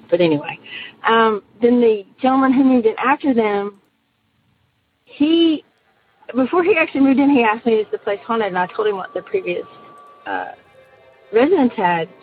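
A woman telling a story over a tinny phone line, her pitch sitting fairly high. She rambles and hesitates, circling back as she goes, with faint music under the call. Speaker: caller. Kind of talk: recorded listener voicemail.

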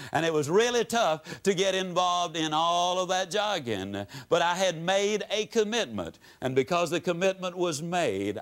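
A motivational speaker, an American man, lectures to a live audience in a folksy and dramatic way, with big swings in pitch and volume.

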